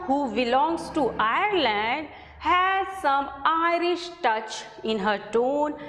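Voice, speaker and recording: A woman teacher with an Indian English accent explains a play to her students at an unhurried, careful pace. Her voice sits high. The recording is echoey, with a long reverb ringing around her. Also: fairly bright tone. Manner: slow, explanatory, addressing students as children. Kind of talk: classroom lesson explaining a play.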